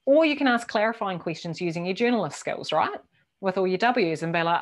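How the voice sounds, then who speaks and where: Lively woman presenter. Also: mid-range voice, fairly quick. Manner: casual, swears, acts out quoted voices. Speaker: workshop presenter. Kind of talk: lively talk to a team.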